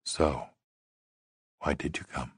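A man's voice: a bass voice, steady tone, slow pace, slightly rough, no room sound, voice pushed down, full character voice. A man doing a dry, teasing young woman. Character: dry-witted, self-assured young woman, a stripper.

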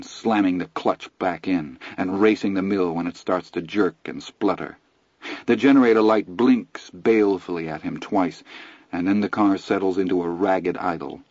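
A man narrating a novel aloud in a measured, even storytelling delivery. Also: deep voice, dry recording, dull audio. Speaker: audiobook narrator. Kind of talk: scripted narration.

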